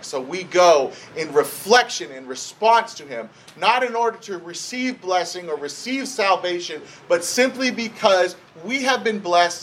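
In a low-quality recording with a little hiss or hum, a man preaches a sermon in church. His voice sits high, and he speaks conversationally, retelling stories with energy and often starting over.

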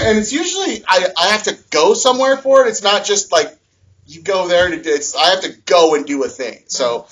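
A man in his thirties preaching a sermon as pastor, telling family stories with animated, acted-out shouting. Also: a little high, brisk, rough recording. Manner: animated storytelling, acts out his sons' shouting.

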